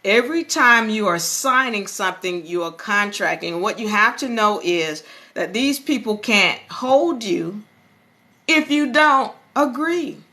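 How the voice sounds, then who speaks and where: A woman hosting a live stream about law, talking to her viewers in a chatty, animated way and sometimes breaking into sing-song. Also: mid-range voice, unhurried. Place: live social-media stream. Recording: live stream with music playing behind.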